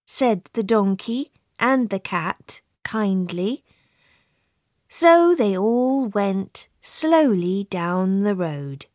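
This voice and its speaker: Woman narrator for a learners' storybook, extremely slow and clear, lively rise and fall, dry booth sound. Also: mid-range voice, no room sound. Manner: very slow, clear, expressive reading.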